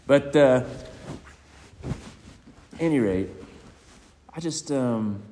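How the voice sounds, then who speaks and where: A man giving a eulogy with personal stories, reflective and hesitant, pausing often. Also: mid-range voice, lively intonation, mellow. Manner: reflective and hesitant, many pauses. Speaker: speaker at a memorial. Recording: long hall reverb.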